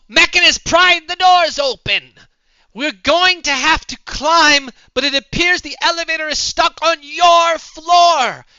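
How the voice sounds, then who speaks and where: A man's voice: extremely high pitch, pushed and bright, dry recording, muffled recording, pitched above the performer's own voice, full character voice. A man voicing a vain, showy male stage performer who speaks in a grandiose, theatrical way. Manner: grandiose, theatrical, calls others darling.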